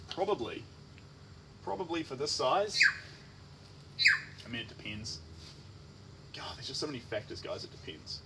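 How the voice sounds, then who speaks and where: Amid heavy background noise, a man with a New Zealand accent and a mid-range voice paints on a livestream, chatting in a rambling, playful way full of restarts and tangents.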